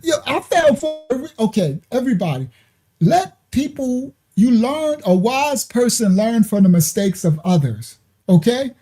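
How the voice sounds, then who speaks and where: A man's voice: very high voice, very animated, measured pace, dark tone. A man hosting a ministry livestream who teaches casually, answers viewer comments, tells loose stories and laughs often. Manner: laughs often, loose storytelling, frequent "right?". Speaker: ministry host.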